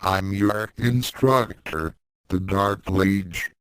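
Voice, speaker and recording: A man's voice: deep voice, drawn-out words, a bit bright, smooth, no room sound, full character voice. A man reading the part of a sultry, teasing demonic woman teacher in a storybook.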